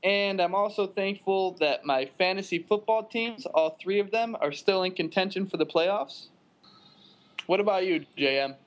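Easygoing podcast man, slightly high. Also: normal speed. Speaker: podcast co-host. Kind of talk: casual podcast chat.

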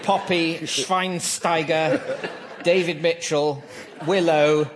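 A man's voice: on the high side, fairly even intonation, slow pace. A man hosting a radio panel game, with a dry, wry delivery and frequent chuckles. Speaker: quiz show host.

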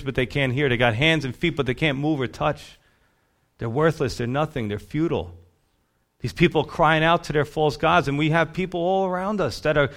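A man preaching a sermon, reading scripture aloud and breaking into conversational comments, at times rising to loud emphatic bursts. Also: fairly high pitch. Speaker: pastor.

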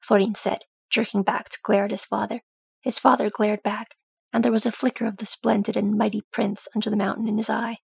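A woman reading a fan fiction audiobook in a steady, even storytelling manner. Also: medium pitch, fairly quick, vocal fry, breathy edge, dry recording. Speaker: audiobook reader.

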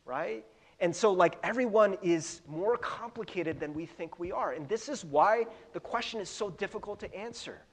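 A middle-aged man preaches a casual sermon in a church, his voice pitched high for a man. He talks in a relaxed, self-deprecating way, full of "like" and "you know." A long hall reverb trails behind every word. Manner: chatty, self-deprecating, with fillers and asides. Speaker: pastor. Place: church sanctuary.

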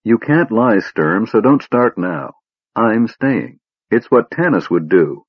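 A man voicing a young woman, speaking softly and earnestly to a friend. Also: fairly low pitch, big pitch swings, slow pace, breathy edge, no room sound, dull audio, full character voice. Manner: soft, earnest pleading.

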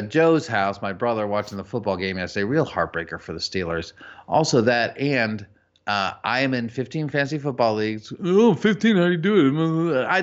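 Podcast co-host, male, mid-pitched, profane ranter, dull lo-fi audio. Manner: profane, ranting, loud bursts. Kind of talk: casual chat. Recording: dull lo-fi recording.

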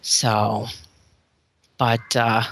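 A woman's voice: a bass voice, little pitch movement, drawn-out words, a bit bright. A woman in her thirties, a mother, chatting casually on a podcast and often laughing as she tells stories about her kids. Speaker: podcast host; mother of children in therapy. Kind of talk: casual chat.

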